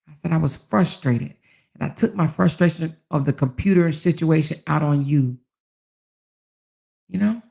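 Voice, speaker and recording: A woman hosting a casual talk channel, telling stories to her viewers with animated delivery, frequent laughs and casual swearing, acting out the lines she quotes. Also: deep voice, moderate pace, gravelly, long pauses. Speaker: host.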